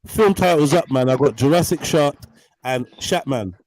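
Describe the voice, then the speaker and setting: A man's voice: medium pitch, lively intonation, moderate pace, very noisy. A man joking on a live panel, silly and playful, repeating his teasing questions. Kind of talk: casual banter on a live panel. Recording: loud crowd of voices behind.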